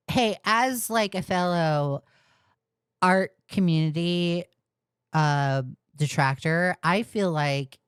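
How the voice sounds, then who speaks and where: Woman, reaction commentator, sarcastic and fed up, smooth crisp voice, dry close sound. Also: on the low side, slow pace, no echo. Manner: sarcastic, exasperated. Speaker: commentary YouTuber.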